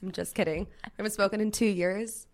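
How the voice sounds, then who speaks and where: A woman guest on a podcast, chatting casually and teasing with deadpan jokes. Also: medium pitch, brisk.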